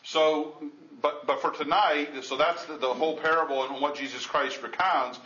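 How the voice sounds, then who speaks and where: A man's voice: on the high side, steady tone, normal speed, pushed and bright. A man preaching a Bible-teaching sermon in a conversational way, with frequent restarts, reading scripture aloud in old formal wording. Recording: echoey, dull lo-fi room recording.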